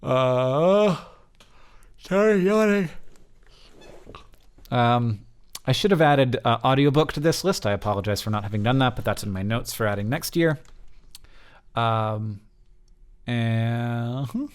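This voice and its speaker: A man's voice: medium pitch, moderate pace, clean tone. A man in his thirties talking casually as host through survey results, rambling with many fillers and restarts.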